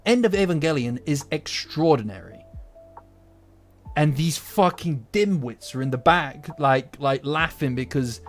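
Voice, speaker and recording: A man's voice: a little high, animated. A British man chatting casually to his stream audience, rambling, swearing and getting worked up. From Britain. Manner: rambling, profane, quickly agitated. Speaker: anime commentator. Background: faint lo-fi music.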